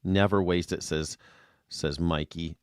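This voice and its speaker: A man hosting a live call-in show, rambling and excitable, swearing freely as he talks. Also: sits low, a little slow, clean tone, no room sound, studio quality. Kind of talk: casual call-in chat.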